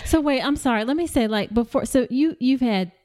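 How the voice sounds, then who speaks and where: A woman's voice: high voice, a little fast, a little mellow. A woman hosting a podcast interview, listening supportively with short affirmations and asking clarifying questions. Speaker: podcast host. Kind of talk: conversational interview.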